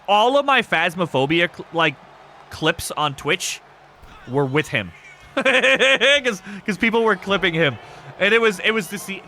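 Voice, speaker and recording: A man with a stuffy nose, commentating a wrestling game on a livestream in an excitable, laughing, swearing way and shouting when the action picks up. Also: on the high side, slight background noise.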